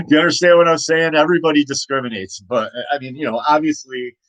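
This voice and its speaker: A man's voice: a little high, normal speed, dry recording, rough recording. A man talking casually about his own comic, rambling with many restarts and laughs. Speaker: comic creator.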